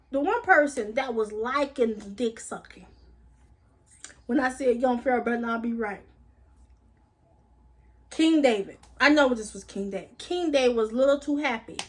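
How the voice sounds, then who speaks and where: High-voiced emphatic woman vlogger. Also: lively intonation, moderate pace, a bit bright. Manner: emphatic, blunt, swears freely; repeats phrases for emphasis. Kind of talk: casual spiritual monologue.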